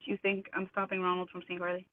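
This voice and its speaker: A woman's voice: fairly low pitch, monotone, fast talker, no room sound. A woman guest in a remote interview, talking emphatically and indignantly, quoting others with mimicked voices. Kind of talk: remote interview over a call. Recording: tinny phone-line audio, dry.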